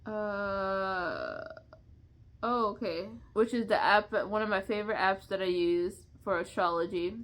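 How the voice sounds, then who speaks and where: A woman's voice: mid-range voice, lively intonation, measured pace. A young woman talks to her viewers in a loose, unscripted vlog. She rambles from thought to thought, stumbles and restarts words, and laughs often as she goes. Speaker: vlogger. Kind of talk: casual unscripted vlog chat.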